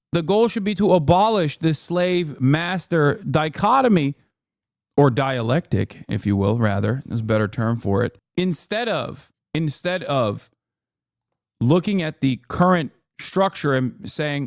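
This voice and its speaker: A man's voice: on the high side, expressive, a little slow, no echo, studio quality. A man reacting to a video on a live stream, talking emphatically, swearing and pushing his voice up when riled.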